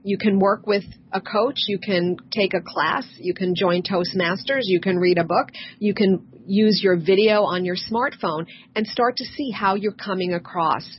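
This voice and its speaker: A woman's voice: mid-range voice, normal speed, few pauses, slight background noise. A woman communication coach explaining in an interview, emphatic and repeating her key points. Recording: dull lo-fi recording.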